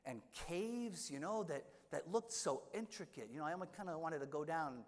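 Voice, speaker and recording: A middle-aged man, a priest, tells a self-mocking story from the pulpit. His voice sits fairly high for a man. The sound rings with the long reverb of a large hall. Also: lively intonation, normal speed. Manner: self-deprecating humorous storytelling. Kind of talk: sermon storytelling.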